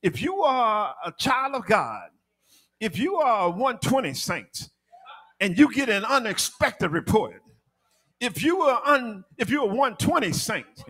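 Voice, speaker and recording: Male preacher, high voice, rhythmic sermon delivery, sung and shouted peaks. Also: sing-song, a little slow. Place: church.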